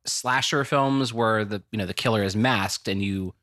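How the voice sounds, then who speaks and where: An American man chatting casually about movies as a podcast co-host, animated and rambling, often restarting his sentences. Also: on the low side, moderate pace. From United States.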